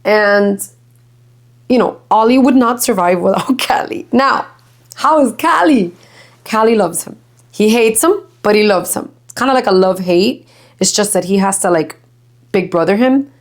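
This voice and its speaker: Young woman podcast host from Miami, mid-range pitch, casual, foul-mouthed, giggly. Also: expressive, normal speed. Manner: chatty, swears freely, laughs often, mixes Spanish. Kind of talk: casual chat.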